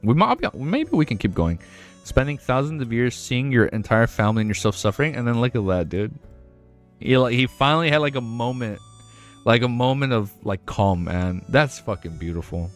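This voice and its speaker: A man's voice: medium pitch, sing-song, moderate pace, faint music behind. A man livestreaming as he reads a novel aloud, often breaking off to exclaim "oh, man" and "dude" as the story moves him. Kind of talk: reading a novel aloud with casual reactions.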